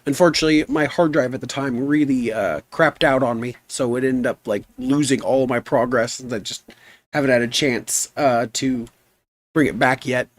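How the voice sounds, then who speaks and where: A man streaming a game live, chatting in an easygoing, rambling way and reading his chat aloud, with a rough voice. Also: mid-range voice, steady tone, normal speed. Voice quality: rough, gnarly voice.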